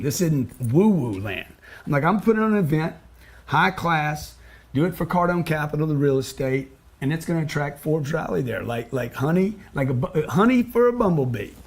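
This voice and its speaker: A man's voice: fairly high pitch, big pitch swings, normal speed. A man hosting a casual interview, blunt and teasing, often cutting in. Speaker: host.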